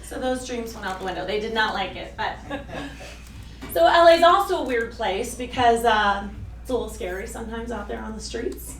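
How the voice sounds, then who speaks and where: A woman performing a stand-up comedy set on a club stage, animated and self-mocking, breaking into loud yelled bits. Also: a little high, normal speed, background noise. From suburban Detroit. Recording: roomy club sound from a distance with crowd. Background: audience laughing.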